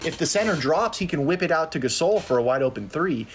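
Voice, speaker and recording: A young man co-hosting a casual sports podcast, talking in an animated way that is full of "like" and "dude". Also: on the high side, quick pace, a little hiss or hum. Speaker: podcast co-host.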